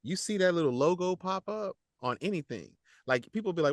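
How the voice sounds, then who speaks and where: A man who works as a voice actor, talking casually in a podcast interview, animated and slangy, laughing often and repeating words as he goes. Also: on the high side, moderate pace, no room sound, studio quality. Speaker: voice actor guest.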